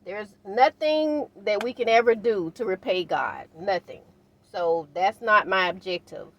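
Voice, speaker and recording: An older woman vlogs from inside her van, speaking in a slow, unhurried way. She encourages her viewers and calls them guys as she makes a simple meal. A touch of faint noise sits under her voice. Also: medium pitch, expressive, fairly bright tone, highs cut off. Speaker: van life vlogger. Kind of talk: casual vlog while cooking.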